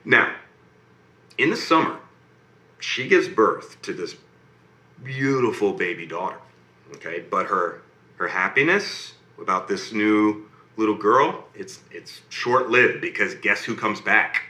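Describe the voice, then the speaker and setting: A man telling a bedtime fairy tale to a child, animated and often checking in with "okay?" and "right?", recorded in an echoey room. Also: lowish voice, takes it slowly. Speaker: storyteller reading to a child. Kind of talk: bedtime story narration. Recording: roomy echo.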